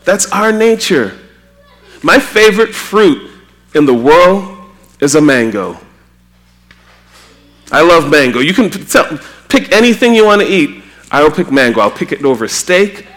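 A man from Trinidad preaching a sermon, animated and acting out quotes with a raised voice. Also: fairly high pitch, measured pace, pauses often.

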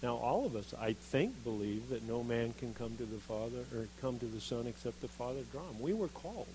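A man preaching a sermon, reading scripture and acting out the quoted speakers with lively expression. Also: mid-range voice, fairly quick, slight background noise, low-quality recording. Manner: animated, acts out quoted voices of Jeremiah and God.

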